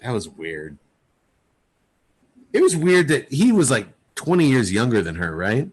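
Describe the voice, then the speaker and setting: A Texan man co-hosting a podcast, casually riffing on a movie and acting out its lines in quick voices. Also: medium pitch, wildly swooping pitch, breathy edge. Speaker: podcast co-host. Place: home, recording remotely.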